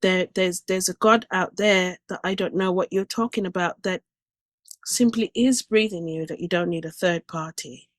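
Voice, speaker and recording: A woman's voice: on the low side, fairly even intonation, normal speed, no room sound. A woman giving an earnest, emotional personal testimony about a near-death experience, recounting it vividly and restarting her sentences as feelings rise. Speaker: guest speaker sharing a near-death experience.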